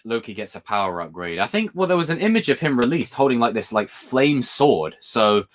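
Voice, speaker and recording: With a medium-pitched, sing-song delivery, this British man talks fairly quickly. He's running a livestream, chatting away and meandering from one topic to another as he reads viewer comments.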